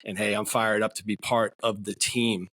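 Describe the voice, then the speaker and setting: A man's voice: lowish voice, flat delivery, moderate pace, fairly bright tone. Upbeat New England man hosting. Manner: upbeat, folksy, uses "wicked" and "brother". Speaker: podcast host. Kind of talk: casual interview chat.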